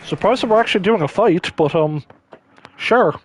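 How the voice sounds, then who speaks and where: A man chatting casually over his gameplay with wry little asides. His voice sits high and moves around a lot. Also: lively intonation, moderate pace, slight background noise, poor audio. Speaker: gameplay streamer.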